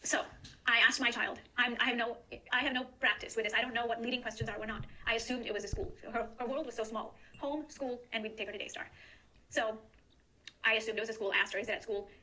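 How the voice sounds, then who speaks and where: A woman's voice: a little high, steady tone, quick pace, bright, forceful tone, slight background noise, rough recording. A mother giving an earnest, emotional personal statement about her family. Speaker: guest in a recorded statement. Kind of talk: personal testimony.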